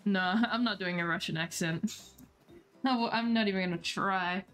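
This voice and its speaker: A woman's voice: medium pitch, moderate pace, a bit bright, faint music behind. A woman streamer reading a dating game aloud, playful and giggly as she reacts to chat between the lines.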